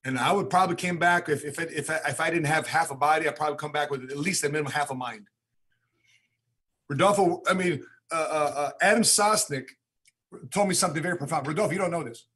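A man hosts a podcast in a relaxed, conversational way, pausing on fillers as he goes. His voice is slightly husky and a little high. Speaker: podcast host. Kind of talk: casual podcast talk.

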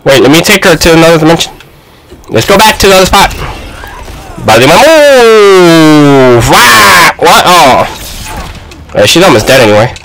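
A young man giving excited, trash-talking commentary while playing a fighting game. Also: on the high side, moderate pace, pauses often, low-quality recording. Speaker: gaming YouTuber.

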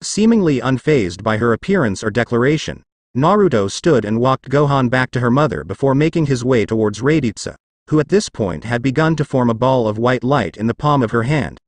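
A man narrating a fan fiction story with an expressive, dramatic reading. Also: mid-range voice, fairly quick, dry recording.

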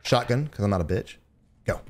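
A man's voice: fairly low pitch, brisk, noisy background. Blunt, foul-mouthed young man commentating. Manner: blunt, profane, teasing; bursts of loud excitement. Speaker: gaming streamer. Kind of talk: gameplay commentary.

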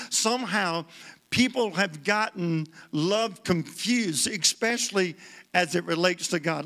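A man's voice: sits high, sharp tone. A man preaching a sermon as a guest speaker in a church, repeating himself for emphasis and calling out to the congregation for responses. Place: church sanctuary.

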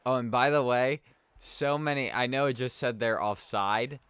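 A man giving casual, chatty commentary over a video game he is playing, rambling between quick reactions to the action. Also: medium pitch, fairly bright tone, clean tone. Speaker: let's play host.

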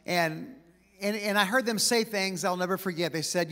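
High-voiced man preaching in a reverberant hall. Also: pushed and bright. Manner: storytelling with quick asides and light laughs. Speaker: pastor. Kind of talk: sermon. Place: church auditorium with long reverb.

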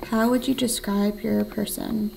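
Gravelly, slow-talking woman teacher. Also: mid-range voice, fairly even intonation, slight background noise, rough recording. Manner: encouraging, thinking aloud while writing; counts syllables in a soft whisper. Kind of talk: remote writing lesson.

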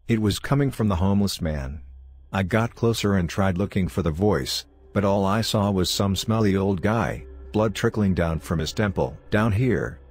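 A man narrating a horror story in a steady, confessional telling. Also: deep voice.

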